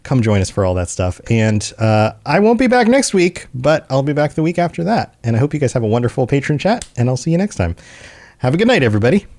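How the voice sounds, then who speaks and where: A man's voice: medium pitch, sing-song, fast, a little mellow. A man hosting a podcast, chatting casually and laughing often as he wraps up the episode. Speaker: podcast host. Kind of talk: casual chat.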